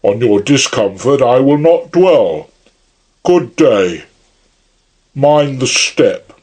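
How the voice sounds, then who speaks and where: A man's voice: mid-range voice, big pitch swings, takes it slowly, a little mellow, slightly rough, exaggerated voice. A man voicing a huge male anarchist chief who is genial yet menacing, speaking in a grand, mock-friendly way. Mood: grandly menacing.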